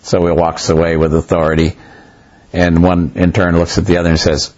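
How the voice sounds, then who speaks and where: A man's voice: deep voice, monotone, fairly quick, darkish tone. A man leading a conversational Bible study, telling stories animatedly and acting out bits of dialogue, with loose restarts as he talks. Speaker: pastor or Bible teacher. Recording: muffled lo-fi recording.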